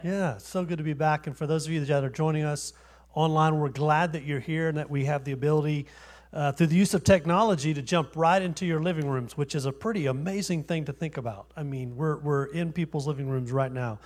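A man's voice: on the high side, fairly quick, darkish tone. A man, preaching a sermon as a guest pastor in a church, conversational and self-deprecating, asking rhetorical questions. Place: church sanctuary.

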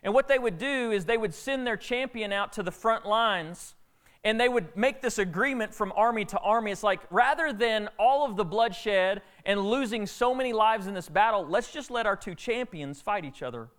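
A man preaching a sermon, retelling a Bible story with lively, acted-out dialogue. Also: high voice, moderate pace. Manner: animated storytelling preacher, acting out characters' lines. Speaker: pastor.

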